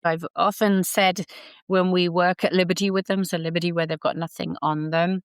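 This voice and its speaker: Low-voiced woman speaking earnestly as a guest. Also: level tone, normal speed, smooth, dry recording, clean studio sound. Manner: earnest, heartfelt, spiritual. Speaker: horse whisperer guest. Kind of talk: podcast interview.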